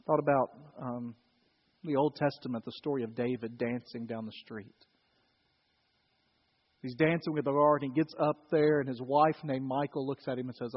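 A middle-aged male pastor with a Southern US accent preaching a sermon in a folksy way, moving between loud storytelling and quiet, solemn preaching. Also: mid-range voice, fairly even intonation, moderate pace, breathy edge. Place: church sanctuary. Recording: muffled, hall reverb from a church.

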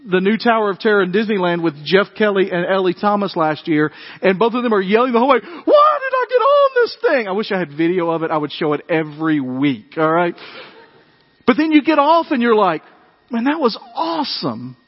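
A man preaching a sermon, telling animated family stories in a conversational way and acting out the voices. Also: sits high, quick pace, in a large hall, dull audio. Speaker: pastor. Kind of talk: sermon storytelling.

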